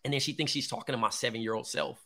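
A man's voice: medium pitch, steady tone, very fast, pushed and bright. A man in his thirties, a podcast co-host, telling a personal story in casual chat, full of slang and swearing. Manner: candid storytelling, heavy slang and profanity.

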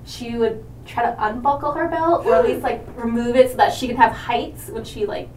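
A woman's voice: a little high, normal speed, darkish tone, a little hiss or hum. Giggly woman host, echoey distant mic. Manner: giggly, laughs often. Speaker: podcast host. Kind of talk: casual chat.

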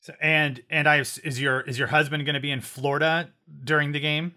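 Bright-voiced man chatting on a podcast. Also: on the high side, steady tone, fairly quick. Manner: chatty, restarts often, tells jokes. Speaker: podcast co-host. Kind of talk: casual chat.

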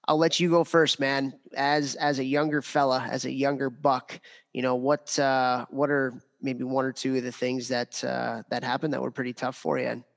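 Man, gravelly, flat delivery, podcast co-host, rambling with fillers. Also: mid-range voice, moderate pace. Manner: rambling, many fillers and restarts. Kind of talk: casual podcast talk.

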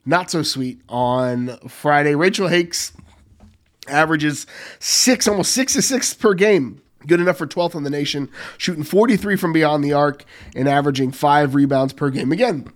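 A man co-hosting a sports podcast, giving steady, confident analysis in casual talk. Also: a little high, moderate pace. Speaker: podcast co-host.

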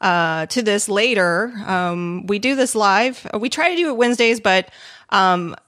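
A woman's voice: mid-range voice, lively intonation, a little slow, fairly bright tone, no echo, studio quality. A woman hosting a weekly podcast, rambling casually and laughing often. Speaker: podcast host.

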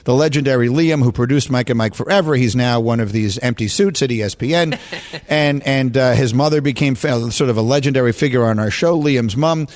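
A man hosting a sports talk radio show, chatting casually, teasing his guests and laughing easily. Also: mid-range voice. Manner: animated, quick to laugh and tease.

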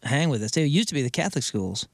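A man with a St. teases his co-hosts with quick questions and laughs a lot. His medium voice swings widely in pitch. It is picked up close on a dry studio mic. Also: big pitch swings, gravelly, no echo. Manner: teasing questions, laughs often. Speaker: radio show co-host. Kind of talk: casual banter.

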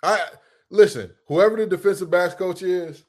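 A man co-hosting a casual sports podcast, joking and trash-talking in an animated, playful way. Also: sits high, normal speed. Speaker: podcast co-host.

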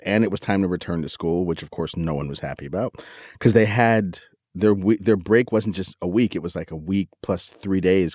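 Middle-aged man, low voice, candid rambling storyteller, dry close sound. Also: darkish tone, no echo. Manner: candid, self-critical, rambling with restarts. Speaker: podcast co-host. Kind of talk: casual storytelling.

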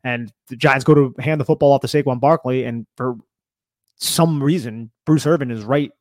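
A man co-hosting a casual sports podcast, animated and conversational with a loose, filler-heavy delivery. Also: mid-range voice, moderate pace, no echo, studio quality. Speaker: podcast co-host.

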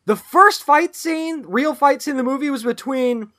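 High-voiced excitable podcast co-host man. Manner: enthusiastic, animated, quick restarts. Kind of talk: casual movie review chat.

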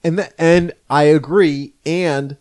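A man's voice: fairly high pitch, steady tone, takes it slowly, darkish tone. A man co-hosting a casual sports podcast, earnest and strongly opinionated. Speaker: podcast co-host. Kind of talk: casual chat.

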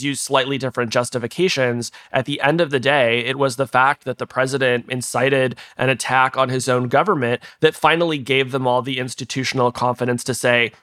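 A man, a tech journalist, explaining events in a measured way as an interview guest. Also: mid-range voice, bright, forceful tone.

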